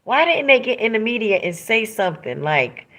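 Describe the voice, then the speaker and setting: A woman's voice: a little high, normal speed. Emphatic woman chatting live with viewers. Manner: emphatic and animated, talks straight to viewers. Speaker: author hosting a live stream. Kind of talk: casual live-stream chat reading viewer comments.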